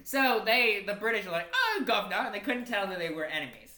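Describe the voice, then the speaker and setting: A woman's voice: medium pitch, lively intonation, fast talker, pushed and bright. A young woman casually making up crude, funny ghost stories, giggling often. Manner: giggly, playful, crude joking. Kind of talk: improvised comic ghost storytelling. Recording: echoey room.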